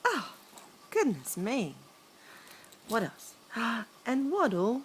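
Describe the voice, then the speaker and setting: A woman's voice: a little high, huge pitch swings, very slow, a little hiss or hum. A mother reading a picture book aloud to her small son, playful and coaxing, joining in with animal noises.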